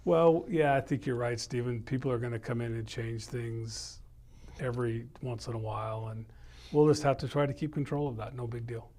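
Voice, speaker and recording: A man's voice: mid-range voice, steady tone, moderate pace, a little mellow. Upbeat man hosting a podcast. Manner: upbeat, chatty, many fillers. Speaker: host. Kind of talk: casual podcast chat. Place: small office studio.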